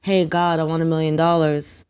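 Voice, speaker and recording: A young adult woman, a spiritual card reader, telling a personal story in an emphatic, animated way and acting out the quotes. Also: deep voice, moderate pace, clear, resonant tone.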